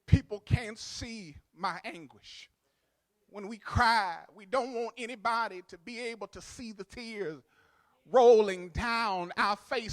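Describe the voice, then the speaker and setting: A male pastor a sermon. He swings from loud, sung, rhythmic to quiet, chatty storytelling. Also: sits high. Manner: builds to loud, sung preaching cadence, then drops to quiet storytelling.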